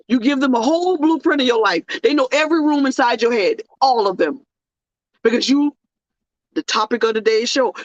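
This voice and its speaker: A woman hosts her own talk show in a joking, sermon-like rhythm. Her voice sits a little high. The recording is dry and slightly dull, like a lo-fi home setup. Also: no room sound. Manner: animated, joking, sermon-like cadence. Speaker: host. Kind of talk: casual preachy talk show monologue.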